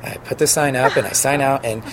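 Animated man telling a story, noisy background. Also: medium pitch, fairly quick. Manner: animated, acts out quoted voices, laughs while telling. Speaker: sign spinner guest. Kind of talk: casual storytelling interview.

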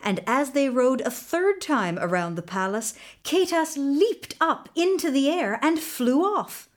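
A woman narrating a children's folktale as a storybook reading, expressive and unhurried. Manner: slow, expressive reading with lively pitch. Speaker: audiobook narrator.

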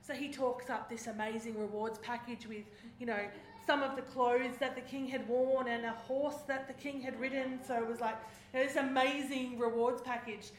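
A woman preaching, retelling a story in a lively way and acting out its voices. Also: fairly high pitch, normal speed, few pauses, a little hiss or hum. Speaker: speaker. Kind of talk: sermon storytelling. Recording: echoey hall.

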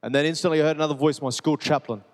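Casting: male pastor, earnest sermon delivery, slightly higher voice, reverberant church hall. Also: fairly even intonation, rapid-fire. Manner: earnest, repetitive preaching cadence, shifting between soft and urgent. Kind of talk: sermon with personal testimony. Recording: long reverb of a large hall.

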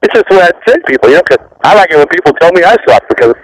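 A man in his fifties, a former rock bassist, rambling through profane backstage stories and laughing often. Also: big pitch swings, very fast, rough recording. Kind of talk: casual interview storytelling.

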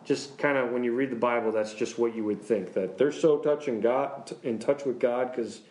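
Joking pastor teaching in an echoey room. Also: male voice, medium pitch, moderate pace. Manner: lively, joking, chuckles often, talks straight to the class. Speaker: pastor teaching a church class. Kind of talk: casual Bible class teaching. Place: church classroom. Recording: roomy classroom echo.

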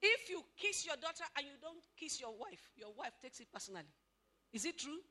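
A woman giving an animated talk at a couples' marriage seminar, questioning the audience and acting out what spouses say. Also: sits high, fairly quick. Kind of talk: lively motivational talk to an audience.

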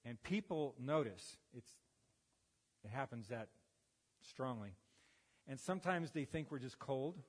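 A man's voice: mid-range voice, lively intonation, a little slow, pauses often, in a large hall. A man in his fifties, a pastor, preaching a sermon with folksy stories and self-deprecating humor. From United States. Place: church sanctuary. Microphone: handheld or headset microphone.

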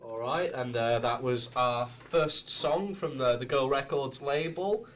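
A young man hosts a relaxed radio chat, quick to joke and often restarting his sentences. His voice is mid-pitched, and a faint noise sits under the recording. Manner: chatty, joking, stumbling restarts. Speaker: radio show host. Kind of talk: casual chat.

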